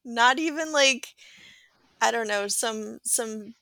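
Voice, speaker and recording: A woman recaps a film slowly and deadpan, in a bright, slightly high voice. Her speech rambles. The sound is close and dry. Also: dry recording. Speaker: podcast host summarizing a film. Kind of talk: casual chat.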